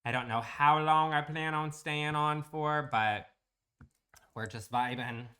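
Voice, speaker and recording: Guy streamer rambling to chat, kinda high voice, blunt and sweary. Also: takes it slowly, sharp tone. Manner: chatty, blunt and profane. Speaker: game streamer. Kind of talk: casual livestream chat.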